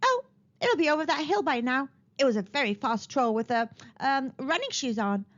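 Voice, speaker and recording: A woman's voice: high voice, lively intonation, moderate pace. A woman voicing a bossy, mischievous young princess who plays at being a shepherd and fibs, in a storybook read-aloud. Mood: sly. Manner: sly, teasing, prone to fibbing. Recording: slightly dull lo-fi recording.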